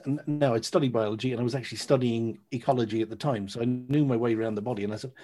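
Podcast guest, man in his thirties, husky voice, candid and animated storyteller. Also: medium pitch, fast. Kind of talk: casual storytelling.

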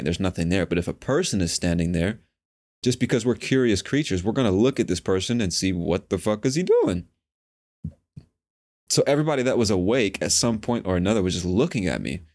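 A man's voice: fairly low pitch, darkish tone. A man hosting a podcast, telling a personal story in a candid, profane way and laughing at himself. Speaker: podcast host. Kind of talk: casual storytelling monologue.

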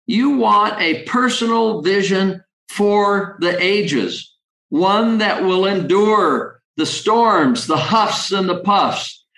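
A man reading a children's story slowly and deliberately, then giving a motivational leadership talk. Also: high-pitched, fairly bright tone, roomy sound, low-quality recording. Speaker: leadership speaker.

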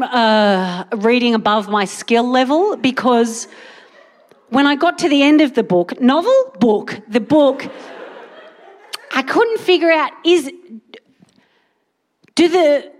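A young adult woman doing a stand-up comedy set on a live stage, rambling and incredulous with wry asides. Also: sits high. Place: live theatre stage with audience. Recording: live venue with faint crowd noise.

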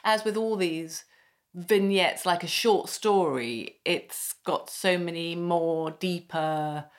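A woman hosting an interview, reflective and murmuring steady agreement. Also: fairly low pitch, slow pace. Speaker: interviewer host. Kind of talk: interview conversation.

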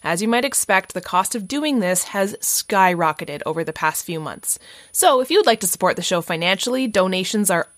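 A woman with a West Coast Canadian accent hosts her own podcast, her voice sitting at an ordinary middle pitch. She talks in a bubbly, chatty way, poking fun at herself as she introduces the show. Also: animated, brisk, no room sound, studio quality. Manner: bubbly, chatty, self-deprecating. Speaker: podcast host.

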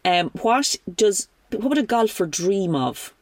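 A woman's voice: medium pitch, big pitch swings, dry recording. A middle-aged Irish woman hosting a podcast, chatting casually on a call, playful and teasing. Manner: playful, teasing, quick to laugh. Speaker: podcast host. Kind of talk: casual phone chat.

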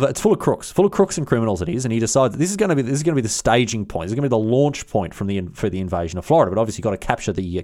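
Man, history podcast host, brisk mid-range voice, irreverent and slangy. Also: medium pitch, a little mellow. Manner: chatty, irreverent, with frequent restarts and slang. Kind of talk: casual history storytelling.

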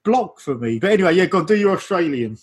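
An English man teases his co-hosts during a casual podcast and invents playful rules for them. His voice is high and husky. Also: very animated, fast. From England. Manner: playful, sets mock rules. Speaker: podcast co-host. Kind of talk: casual chat.

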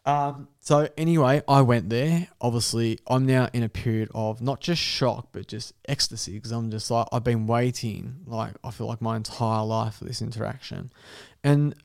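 Gravelly man telling a wild story. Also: mid-range voice, moderate pace. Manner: animated, swearing, laughing through a story. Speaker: guest storyteller. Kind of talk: casual podcast storytelling.

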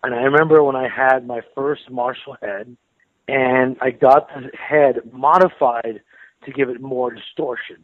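A man, a metal guitarist, talking in a relaxed, rambling way in a casual interview, with restarts and soft laughs. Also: mid-range voice, unhurried, dry recording. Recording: tinny phone line.

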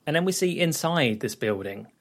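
A man's voice: a little high, expressive, normal speed. A man co-hosting a podcast, casually recapping a film scene by scene in a rambling way, with plenty of fillers and restarts. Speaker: podcast co-host.

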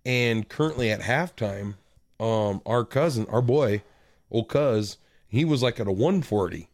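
A man's voice: mid-range voice, expressive, unhurried, a little mellow, no echo, studio quality. Laid-back man in casual sports chat. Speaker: podcast co-host.

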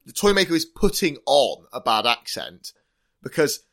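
A man co-hosting a podcast, chatting casually and enthusiastically with quick laughs. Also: medium pitch, very animated, gravelly, sharp tone. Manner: enthusiastic, quick laughs, restarts mid-phrase. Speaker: podcast co-host. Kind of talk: casual chat reviewing a TV episode.

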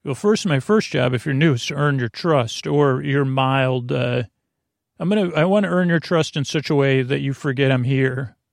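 A man hosting a bedtime podcast, talking slowly in a meandering way with lots of filler words and tangents. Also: mid-range voice, dry recording, clean studio sound. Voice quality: creaky. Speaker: podcast host. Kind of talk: rambling bedtime talk.

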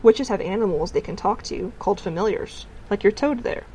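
A woman's voice: mid-range voice, a little fast, warm tone, slight background noise, lightly acted, poor audio. A woman voicing a stubborn, earnest young farm girl who argues her point insistently. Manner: insistent, argumentative.

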